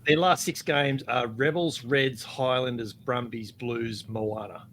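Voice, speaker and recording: A man's voice: medium pitch, fairly even intonation, unhurried, fairly bright tone, a little hiss or hum. A man co-hosting a rugby podcast, chatty and teasing. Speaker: podcast co-host. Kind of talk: casual podcast chat.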